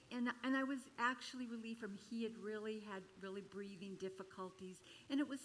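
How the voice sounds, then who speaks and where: An older woman minister telling a personal story in a chatty, expressive sermon at a church service. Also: slight background noise, rough recording. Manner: chatty and expressive, with sudden jumps in pitch and loudness.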